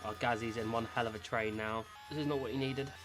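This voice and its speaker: Excitable man cheering on a race game. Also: mid-range voice, quick pace, music in the background. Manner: chatty, cheers drivers on. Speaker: gaming creator. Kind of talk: excitable gameplay commentary.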